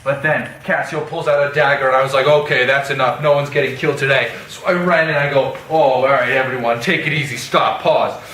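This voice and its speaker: A man's voice: medium pitch, fairly even intonation, brisk, hardly any pauses, a bit bright, a little hiss or hum, natural voice. Othello, a young man playing him as a slangy braggart. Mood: rambling. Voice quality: casual, rambling storyteller with slang. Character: Othello as a slangy modern guy, boastful. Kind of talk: parody skit. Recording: echoey room, mic at a distance.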